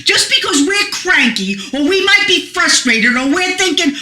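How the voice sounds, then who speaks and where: A middle-aged woman preaching a fervent, emphatic sermon that rises to shouts. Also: very high voice, lively intonation, normal speed. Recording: echoey room.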